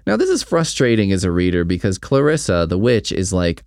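A man's voice: sits low, wildly swooping pitch, moderate pace, hardly any pauses, a little mellow, dry recording. A man giving a casual, sarcastic spoken book review, dry in his commentary.

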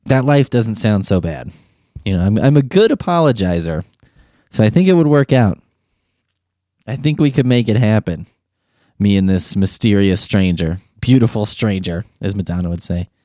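A man's voice: lowish voice, expressive, normal speed, dark tone, no room sound, studio quality. A man reading news aloud and mocking it with sarcastic, profane riffs. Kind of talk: sarcastic comedic commentary.

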